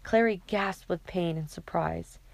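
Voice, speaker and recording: A woman narrating an audiobook chapter in a steady, even read. Her voice sits low with a gravelly fry, and the recording is close and dry with no room sound. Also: unhurried, no echo.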